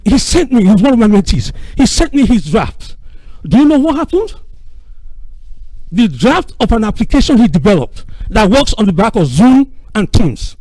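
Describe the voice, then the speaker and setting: A middle-aged man giving an impassioned, preacherly conference speech, swinging from booming to hushed. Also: sing-song, normal speed, rough recording. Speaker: speaker at a conference.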